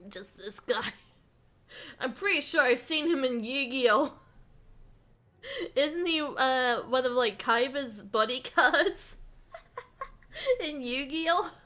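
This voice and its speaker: A woman's voice: high-pitched, animated, slow, a bit bright. A young woman streaming a visual novel, chatting casually with playful, giggly, joking asides. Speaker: VTuber streamer. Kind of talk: casual gameplay commentary.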